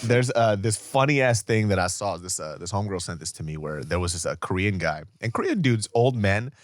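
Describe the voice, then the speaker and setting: An animated man in his thirties chats on a podcast, his pitch leaping all over as he tells stories. He laughs a lot and puts on shouting voices for the people in them. The sound is close and dry. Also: brisk, no echo. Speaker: podcast co-host. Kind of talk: casual chat.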